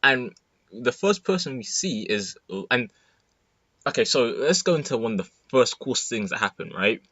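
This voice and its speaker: Husky teenage boy rambling about movies. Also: medium pitch, moderate pace, no echo, highs cut off. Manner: rambling, excited, many fillers and restarts. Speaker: student vlogger. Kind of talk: casual movie review monologue.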